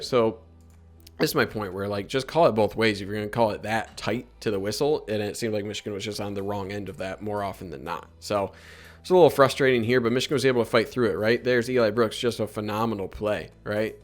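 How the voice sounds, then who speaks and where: A man giving casual commentary over game footage, picking apart plays and calls in a conversational, critical way with many fillers. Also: medium pitch. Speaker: sports analyst breaking down game film.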